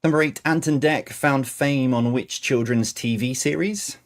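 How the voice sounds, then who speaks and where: A man's voice: mid-range voice, unhurried. A man hosting a quiz night on a stream, reading questions aloud with chatty, self-mocking asides between them. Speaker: quiz host.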